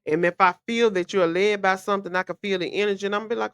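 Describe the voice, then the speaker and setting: Blunt woman, smooth close voice. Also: medium pitch, a little fast, fairly bright tone, dry recording. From Memphis, USA. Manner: blunt, emphatic, repeats key phrases. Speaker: podcast host. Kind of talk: casual advice monologue.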